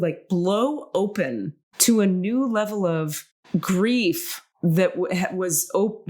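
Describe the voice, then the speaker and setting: Animated woman host telling a story. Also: lowish voice. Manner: animated, acts out quoted dialogue, swears casually; rambling, self-correcting, many fillers. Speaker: podcast host. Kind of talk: casual conversational storytelling.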